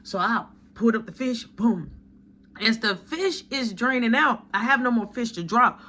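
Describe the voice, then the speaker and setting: A young man telling a story in casual slang, animated as he acts out what people said to him. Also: very high-pitched, moderate pace, a little hiss or hum. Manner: animated retelling, acting out others' quotes in slang.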